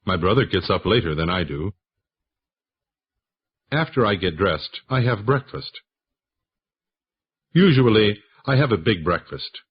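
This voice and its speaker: Low husky male reader, slow practice sentences, lively up-and-down intonation, dull lo-fi sound. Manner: reads model sentences one by one, questions and answers. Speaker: English lesson reader. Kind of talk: slow scripted sentence reading.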